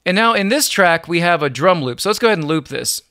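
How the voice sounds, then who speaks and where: A man giving an upbeat, relaxed music production software tutorial, chuckling now and then as he explains. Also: high-pitched, quick pace, background noise. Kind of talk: screen-recorded software tutorial.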